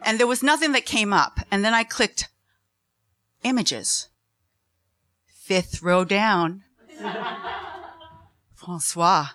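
A middle-aged woman telling a personal story on stage, animated and self-mocking, laughing now and then as she goes. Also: medium pitch, slow, long pauses.

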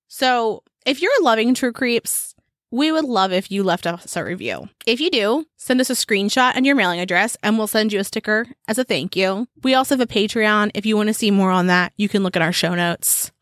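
A woman co-hosting a true-crime podcast in casual conversation. She talks in a wry, deliberate way with dry asides. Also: mid-range voice, very animated, fairly bright tone, no room sound. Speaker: podcast co-host.

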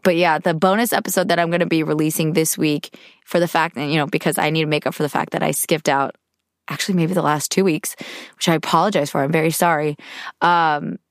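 A woman in her thirties hosting a podcast, talking in a hoarse, tired voice, chatty and candid with lots of fillers. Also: deep voice, steady tone, fast talker, no echo, studio quality. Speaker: podcast host. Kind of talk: casual podcast monologue.

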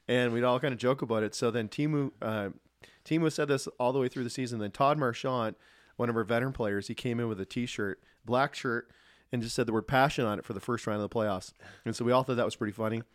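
A former pro hockey player, a man, telling relaxed, rambling stories as a podcast guest. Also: medium pitch, fast, no echo, studio quality. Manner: relaxed, anecdotal, lots of restarts. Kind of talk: casual storytelling.

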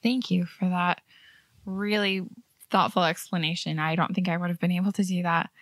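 A woman's voice: on the low side, fairly even intonation, normal speed, no room sound. A woman hosting a faith podcast, talking in an earnest, chatty way with light laughs. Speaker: podcast host. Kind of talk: casual faith podcast chat.

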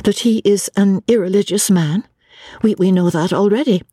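A woman's voice: mid-range voice, normal speed, warm tone, husky, dry recording, clean studio sound, voice pushed up, close to an everyday voice. A woman voicing an earnest, impulsive young English woman in a dramatic reading of a classic novel, with an eager, stammering manner. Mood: rebellious.

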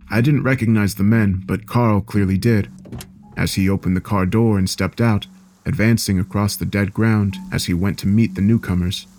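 A man giving a measured, dark horror story narration. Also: fairly low pitch.

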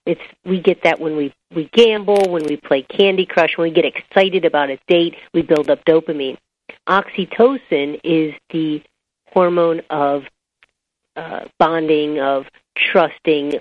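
A woman with a low-pitched voice explains her subject step by step as an interview guest, slipping into anecdotes as she goes. The recording sounds dull and lo-fi. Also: measured pace. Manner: animated storyteller, explains step by step. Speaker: author and biology professor, guest.

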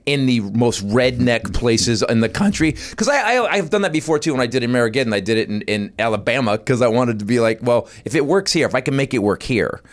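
A man who works as a stand-up comedian tells club stories in a podcast conversation, talking in an animated, profane way and laughing often. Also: mid-range voice, fast, few pauses.

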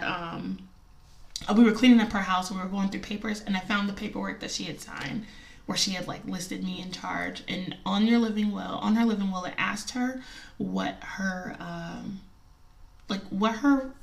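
A woman's voice: medium pitch, fairly even intonation, unhurried, gravelly, recorded from a distance. A woman in her thirties telling a personal story in casual talk, chatty and emotional, with many fillers and frequent laughs.

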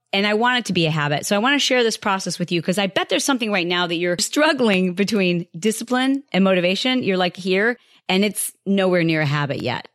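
A woman's voice: lowish voice, no room sound, studio quality. A woman hosting a podcast, talking candidly and casually to her listeners about habits, often acting out her own past thoughts. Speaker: podcast host. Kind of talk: casual motivational monologue.

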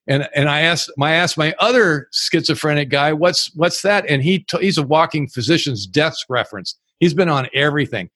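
A man's voice: a little high, lively intonation, normal speed, few pauses, a bit bright, no room sound, clean studio sound. An older man speaking as a recovery speaker and sponsor, telling stories frankly and plainly during a live Q and A talk. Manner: frank, plain-spoken storytelling. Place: live event.

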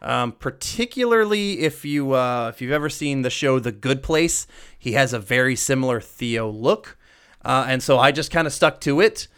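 A man's voice: medium pitch, expressive, fairly bright tone, smooth. A man co-hosting a podcast, talking eagerly about movie casting and swearing freely. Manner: enthusiastic, swears freely, quick asides. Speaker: podcast co-host. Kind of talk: casual movie-recasting chat.

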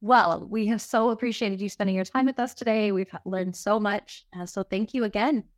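A woman's voice: medium pitch, normal speed, dry recording, clean studio sound. A woman hosting a podcast interview, encouraging and affirming her guest and laughing along. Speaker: podcast host.

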